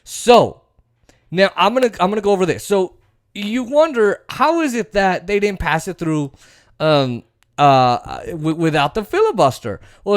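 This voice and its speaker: A man's voice: fairly high pitch, no echo, studio quality. A man hosting a political commentary show, ranting bluntly and profanely with many fillers. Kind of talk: casual political rant.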